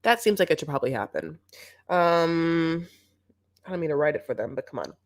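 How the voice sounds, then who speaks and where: A woman's voice: low voice, lively intonation, a little fast. A young woman co-hosting a TV recap show, chatting casually in a sarcastic, rambling way. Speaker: co-host of a reality TV recap show. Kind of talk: casual chat.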